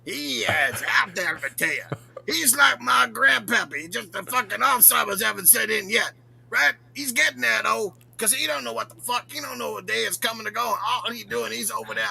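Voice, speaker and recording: A man playing a crude, foul-mouthed loudmouth who shouts boastful rants in a dry, gravelly voice for a comedy podcast bit. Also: high-pitched, normal speed, full character voice. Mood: ranting. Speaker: regular show character answering questions.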